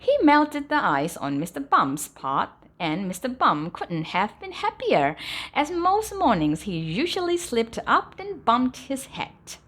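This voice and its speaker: Woman reading a picture book at bedtime, lively intonation that sinks softly at sentence ends. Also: fairly high pitch, unhurried. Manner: animated storytelling, dropping softly at sentence ends. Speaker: storybook reader. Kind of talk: bedtime storybook read-aloud.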